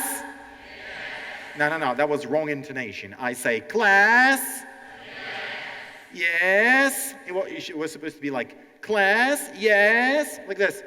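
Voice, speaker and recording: A Ukrainian language teacher hosts an interactive stand-up English lesson on stage before a live audience in a hall. Animated and fairly high-pitched, he keeps checking in with "okay?" and acts out quotes. The hall is reverberant, with faint music.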